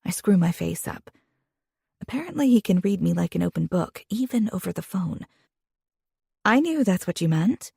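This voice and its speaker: A young woman reading a first-person romance audiobook in an expressive, intimate way, with a husky voice. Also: lowish voice, moderate pace, long pauses, no echo, clean studio sound. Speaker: audiobook narrator.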